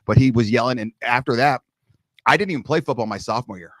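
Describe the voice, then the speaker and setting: Fast-talking middle-aged man telling stories. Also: mid-range voice, no room sound. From Southern California. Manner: animated storyteller, acts out quoted coaches. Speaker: guest, long snapping coach. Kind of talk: casual storytelling.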